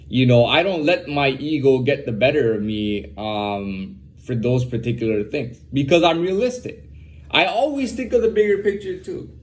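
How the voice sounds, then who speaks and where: A man's voice: mid-range voice, slight background noise. A young man talking in a casual, rambling monologue, repeating words and often saying "man.". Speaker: host.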